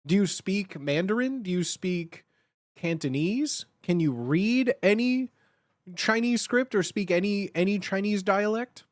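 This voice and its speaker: A man's voice: high voice, animated, a little slow, no echo. A man hosting a livestream and chatting casually with viewers, rambling and playful, packing his talk with "like" and restarts. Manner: playful and jokey. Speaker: livestream host.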